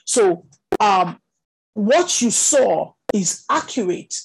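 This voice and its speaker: A woman's voice: mid-range voice, expressive, extremely slow, husky, rough recording. A woman teaching a prophetic ministry class over a video call, talking conversationally with many "you know" fillers. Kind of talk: teaching session.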